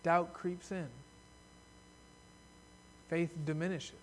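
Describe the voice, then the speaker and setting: Extremely slow and level in tone, an earnest male pastor with a high-pitched voice delivers a sermon over slight background noise. He rises loud and high for a desperate plea and falls soft and low to reflect.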